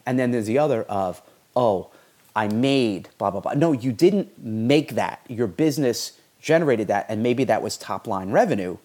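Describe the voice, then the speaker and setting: A man's voice: medium pitch, animated, moderate pace, darkish tone. A man talking casually as a podcast guest, rambling with many restarts and stammers. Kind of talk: casual conversation.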